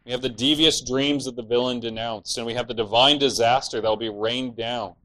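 A man's voice: medium pitch, steady tone, a little fast, sharp tone, low-quality recording. A man preaching an expository sermon, explaining scripture earnestly and at times voicing the villains' laments in a mocking tone.

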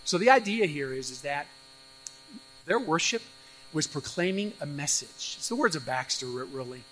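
Animated high-voiced male preacher. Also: moderate pace, faint music behind, rough recording. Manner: animated, acts out voices of doubters with sudden jumps in pitch and volume. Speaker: pastor. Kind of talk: expository sermon.

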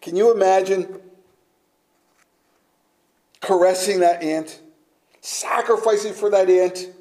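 A man preaching a sermon slowly and emphatically, sometimes dropping to a near-whisper for effect. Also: high-pitched, steady tone, warm tone, poor audio.

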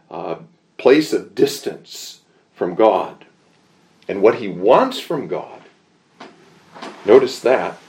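A man gives an expository Bible lesson at an unhurried, measured pace, pausing often and filling gaps with a soft "uh." His voice sits fairly low, and he leans into the scripture he quotes with extra weight. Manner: measured and deliberate, with pauses and "uh" fillers. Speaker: Bible teacher.

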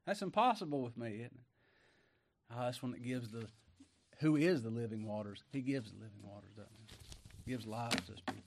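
Folksy preacher with a swinging voice. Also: male voice, fairly low pitch, a little fast, vocal fry, background noise. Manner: folksy, swings from loud declaiming to hushed. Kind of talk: sermon.

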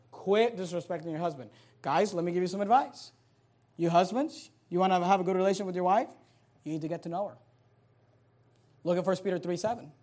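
A man, a pastor, preaching a sermon in a folksy, conversational way. He reads scripture aloud and swings between loud emphasis and quiet asides. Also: high voice. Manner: reads scripture aloud in King James wording.

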